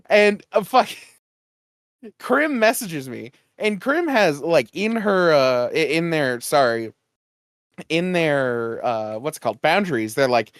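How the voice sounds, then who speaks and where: A man's voice: fairly high pitch, big pitch swings, normal speed, no room sound, studio quality. A man co-hosting a podcast in casual chat, laughing often and swearing a lot. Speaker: podcast co-host.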